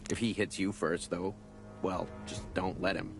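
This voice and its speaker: A man's voice: sits low, little pitch movement, measured pace. An actor playing a blunt, greedy male hunter in a video game who talks in a sardonic, haggling way. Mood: gruff. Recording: game music behind.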